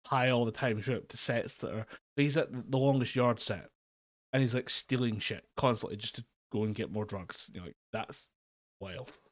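This co-host talks at normal speed with a medium-pitched voice, recorded on a remote call mic. The podcast chat is casual and rambling, sprinkled with fillers and laughs.

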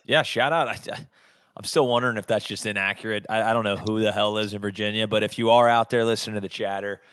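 A man's voice: on the low side, fairly even intonation, fast, fairly bright tone, smooth, dry recording. A man co-hosting a casual sports podcast, talking in a laid-back, rambling way with lots of fillers. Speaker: podcast co-host.

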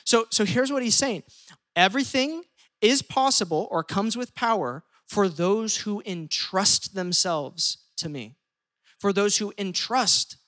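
Lively pastor preaching a sermon. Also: mid-range voice, a little slow. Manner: lively, shifts pace often, acts out quoted speech.

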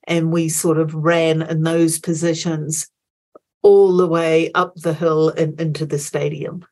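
Slow, hesitant middle-aged woman. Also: deep voice, level tone, a little mellow. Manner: hesitant, many fillers and restarts, acts out inner dialogue. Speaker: guest, former Olympic marathon runner. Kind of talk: interview storytelling.

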